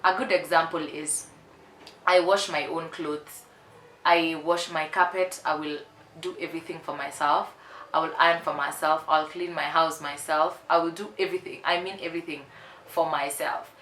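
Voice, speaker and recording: A woman's voice: deep voice, fairly even intonation, moderate pace, a bit bright, slight background noise. A woman in her twenties talking candidly and emphatically in a casual confessional vlog, repeating herself for effect. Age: 20s. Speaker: vlogger. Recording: roomy echo.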